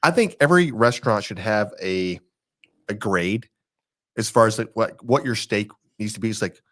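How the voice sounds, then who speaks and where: A man's voice: fairly low pitch, moderate pace, a bit bright. A man from Texas co-hosting a casual podcast, rambling and joking, often laughing. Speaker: podcast co-host. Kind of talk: casual chat.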